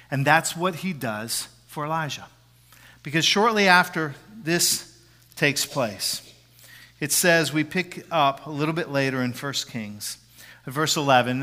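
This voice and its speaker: A man preaching a sermon into a handheld mic, swinging from loud, driving emphasis down to soft whispers. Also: on the high side, big-room sound. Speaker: pastor. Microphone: handheld microphone.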